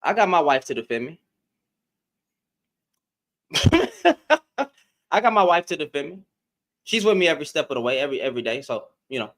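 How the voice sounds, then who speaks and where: Speaking on the high side with an animated, slightly bright tone, a man hosts a laid-back livestream. He goes a little fast but leaves long pauses, taunting his chat and repeating things often.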